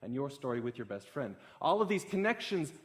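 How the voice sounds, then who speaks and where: A young man giving a public talk, telling a story with growing excitement. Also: mid-range voice, a little fast. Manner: animated, builds excitement through a story.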